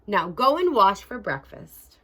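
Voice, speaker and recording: A woman booming as a kind giantess. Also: big pitch swings, a little slow, pushed and bright, a little hiss or hum. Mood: scolding. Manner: booming, scolding.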